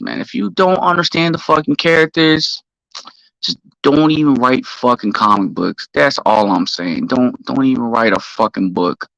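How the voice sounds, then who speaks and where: A man hosting a live stream, ranting heatedly and profanely while shouting out viewers in the chat. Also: mid-range voice, normal speed, gravelly, dry recording, poor audio.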